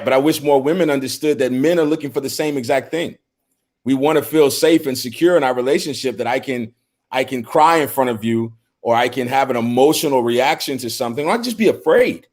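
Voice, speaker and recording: A middle-aged man talks earnestly on a men's talk show. His pitch sits in an ordinary male range, and he often stumbles into a phrase by repeating a word before slowing to press a point. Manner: earnest, repeats words when starting phrases. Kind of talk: casual conversational talk.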